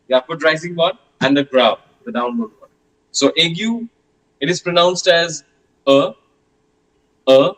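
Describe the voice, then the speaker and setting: A man's voice: on the high side, fairly bright tone, low-quality recording. A man teaching a French class, patiently repeating questions and sounds with many hesitations.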